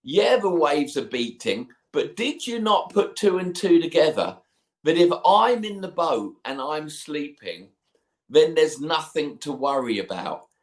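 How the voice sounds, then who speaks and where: A man's voice: fairly high pitch, big pitch swings, a little slow. A preacher playing a blunt, exasperated male teacher. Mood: chiding. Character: exasperated male teacher scolding frightened followers.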